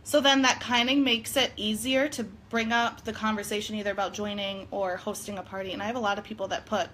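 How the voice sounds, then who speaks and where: A woman's voice: mid-range voice, steady tone, fast, fairly bright tone, a little hiss or hum. A woman chatting casually on a live stream about sales tips, giggly and peppered with "like". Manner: chatty, giggly, says "like" a lot. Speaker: direct sales consultant.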